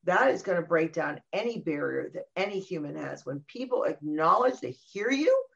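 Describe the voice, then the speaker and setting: A middle-aged woman talking about parenting in a casual conversation, animated and often acting out what other people say. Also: low voice, moderate pace, vocal fry. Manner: animated, acts out quoted voices. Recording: dull lo-fi recording.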